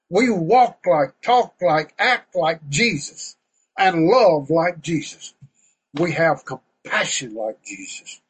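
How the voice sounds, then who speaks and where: A man preaching a fervent, folksy sermon to an online group over a video call, breaking into shouts of praise. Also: on the high side, animated, a little slow, a little hiss or hum, poor audio.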